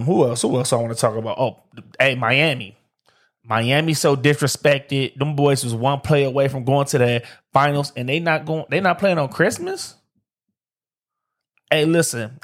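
A man from Detroit hosting a solo sports podcast, talking in a loose, slangy way and often repeating "like I said" and "man". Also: mid-range voice. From Detroit, USA. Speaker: podcast host. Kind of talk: casual solo sports talk. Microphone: streamed live on camera.

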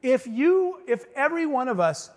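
A middle-aged man gives an inspirational stage talk, telling his story with emphasis and turning often to address the crowd. His voice sits high for a man. Long reverb trails each line, as in a big hall. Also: sing-song, normal speed. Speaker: motivational speaker.

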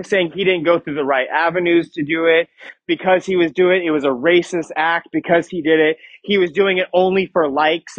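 Chatty high-voiced youth pastor. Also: male voice, no room sound, muffled recording. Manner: joking, chatty, asks the crowd questions. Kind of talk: casual youth sermon. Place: church youth room.

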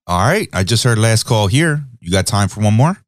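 A man hosting an interview, asking easygoing questions in a relaxed, casual manner. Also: lowish voice, normal speed, dry recording, studio quality. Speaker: podcast host.

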